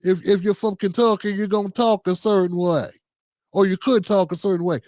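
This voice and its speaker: Speaking a little fast, this Maryland man's voice is high and a little mellow, with fairly even intonation and no room sound. He hosts a livestream, delivering a casual monologue and often asking "you know what I'm saying."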